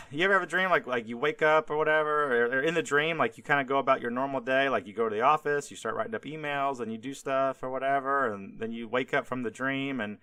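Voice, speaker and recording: A young man hosting a podcast, casually retelling Bible stories in a rambling way, full of "like" and quick laughs, slipping into voices for the characters. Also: medium pitch, sharp tone, dry recording. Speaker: podcast host.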